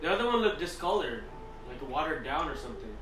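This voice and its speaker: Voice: medium pitch, very animated, quick pace, a bit bright. A person chatting loosely over food, slangy and jokey. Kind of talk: casual chat at a meal. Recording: echoey, far from the mic, with crowd noise.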